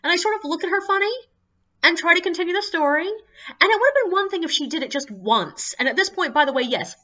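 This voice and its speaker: Bright-voiced woman telling tour stories. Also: lo-fi sound. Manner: animated, acts out guests in high squeaky voices; exasperated, swears freely. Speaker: ghost tour guide. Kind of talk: casual storytelling monologue.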